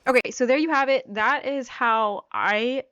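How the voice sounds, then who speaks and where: A woman's voice: a little high, unhurried, fairly bright tone, smooth, dry recording, dull audio. A woman teaching fiction writing in a casual, chatty tutorial, self-deprecating and full of fillers, talking while she types and just getting over a cold. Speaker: writing coach. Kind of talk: casual screen-share tutorial. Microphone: new microphone.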